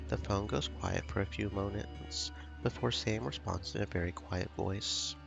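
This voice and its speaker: A man streaming a game, reading its story text and dialogue aloud at a slow, somber pace. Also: fairly low pitch, vocal fry, highs cut off, music in the background. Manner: reads story text with quiet, somber pacing. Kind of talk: narrating and voicing game dialogue.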